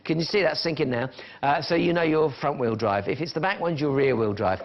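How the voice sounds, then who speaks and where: A man's voice: a little high, fairly quick. A man presenting a live shopping channel, chatting and counting down prices. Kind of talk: live TV sales pitch. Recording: dull lo-fi broadcast sound with music behind.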